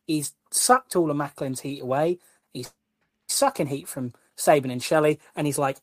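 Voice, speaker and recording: A man, a guest co-host and wrestling columnist, ranting in an animated, exasperated way during casual podcast chat. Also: a little high, moderate pace, no echo.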